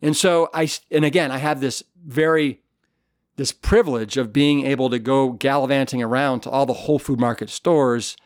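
A man's voice: mid-range voice, steady tone, normal speed, no room sound, studio quality. A man, an author being interviewed, telling stories in an earnest, enthusiastic way with many fillers and restarts. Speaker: author and guest. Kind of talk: conversational storytelling interview.

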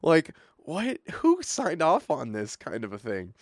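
A young man with a slightly higher voice retells a movie scene by scene in loose, animated chat. He fills his talk with "like" and "uh" and acts out lines as he goes. The sound is dry and close. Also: a little slow, no echo. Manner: animated, lots of filler words, acts out lines. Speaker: podcast co-host recapping a movie. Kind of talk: casual chat.

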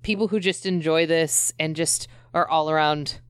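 A woman's voice: low-pitched, fairly even intonation, normal speed, clean tone, no echo, clean studio sound. A woman in her thirties chatting casually as a podcast co-host, rambling with many fillers and restarts. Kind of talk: casual chat.

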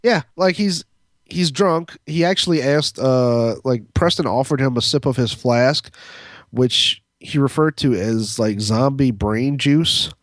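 A man's voice: medium pitch, measured pace, dry recording, clean studio sound. A man co-hosting a podcast, telling a long story in a rambling, profane way, full of fillers and restarts. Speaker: podcast co-host. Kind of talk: casual storytelling chat.

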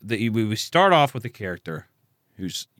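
A man's voice: on the low side, normal speed, no echo. A man from the States, telling stories in casual, profane podcast chat. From Southern United States. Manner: profane, animated storytelling. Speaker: animator, podcast guest.

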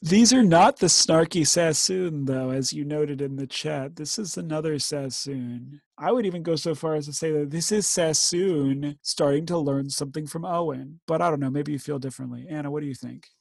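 A man reading war poetry aloud with slow, measured emphasis, then discussing it casually as a podcast co-host. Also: a little high, gravelly, darkish tone, dry recording.

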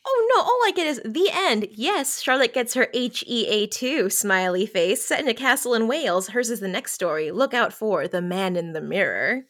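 A woman's voice: fairly high pitch, animated, moderate pace, hardly any pauses, a bit bright. A woman co-hosting a casual book podcast, dramatic and indignant and swearing freely. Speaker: podcast co-host.

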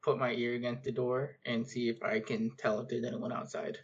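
Male player, mid-pitched, casual and brief, muffled lo-fi sound. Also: flat delivery, brisk, breathy edge. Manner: short, casual replies. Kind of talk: tabletop game play. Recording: dull, muffled mic.

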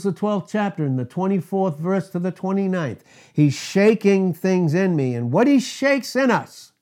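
A man's voice: high voice, a little mellow. A man preaching a sermon, emphatic and firing rhetorical questions at the congregation.

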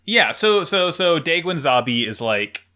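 A man's voice: on the high side, unhurried. A man co-hosting a podcast, joking and rambling in casual chat while tired. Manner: jokey, animated, rambling with fillers. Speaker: podcast co-host.

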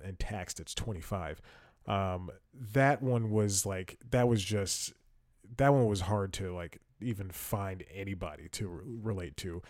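A man's voice: lowish voice, a little mellow, dry recording, clean studio sound. A young man telling a work story in a casual podcast monologue, rambling with fillers, restarts and wry laughs. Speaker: podcast host.

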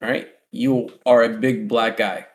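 A man's voice: medium pitch, steady tone, a little slow. A man in a casual podcast chat who talks bluntly and teases his friend. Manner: blunt, teasing. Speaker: podcast co-host.

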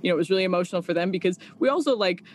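Animated woman telling stories. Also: fairly low pitch, racing, slight background noise. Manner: animated storyteller, acts out quotes. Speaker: podcast guest, server. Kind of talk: casual interview chat.

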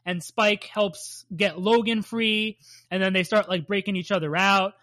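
With no room sound, a woman's unhurried, mid-range voice carries a laid-back podcast chat recapping a cartoon episode. As co-host, she swears a lot, laughs and stays lively throughout.

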